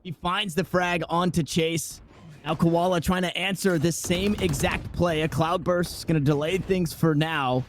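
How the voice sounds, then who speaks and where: A man calls an esports match play by play, his voice sitting a little high. He talks in excitable bursts and often restarts his sentences. A faint hiss of noise runs under him. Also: normal speed. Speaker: esports caster. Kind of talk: play-by-play commentary.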